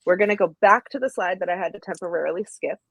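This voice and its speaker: A woman's voice: fairly low pitch, fast talker, vocal fry. A woman hosting a podcast, playful and affectionate as she steers to the next segment. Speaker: podcast host. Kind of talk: casual chat.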